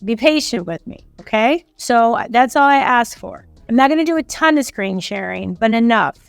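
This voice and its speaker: A woman's voice: a little high, animated, moderate pace, creaky, clean tone, no echo, soft background music. A woman coaching on government contracts in a casual teaching style, acting out quoted callers as she explains. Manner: conversational, acts out quoted callers. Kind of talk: casual instructional talk.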